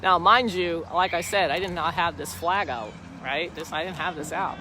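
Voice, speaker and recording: A woman's voice: lowish voice, normal speed, hardly any pauses. A woman talking on a casual live stream from a phone, outdoors by a street, in a rambling, repetitive, emphatic way. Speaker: livestreamer at a street protest. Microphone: phone camera held by the speaker. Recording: outdoor phone video with traffic and wind noise.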